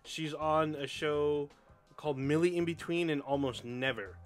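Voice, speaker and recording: A man's voice: fairly high pitch, normal speed, over music. Rambling, cursing podcast co-host man. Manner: loose, rambling, frequent fillers and swearing. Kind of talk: casual chat.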